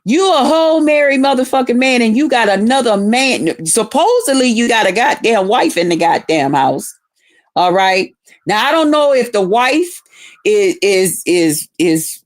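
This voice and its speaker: A woman livestreamer telling a long, profane, rambling story, breaking off to greet viewers. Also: a little high. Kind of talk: casual livestream rant.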